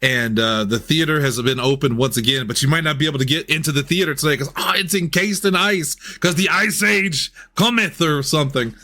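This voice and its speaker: A man's voice: fairly high pitch, a little fast, few pauses, pushed and bright. A man hosting a casual movie podcast, joking and laughing as he talks. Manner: jokey, laughs often. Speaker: podcast host. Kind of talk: casual chat.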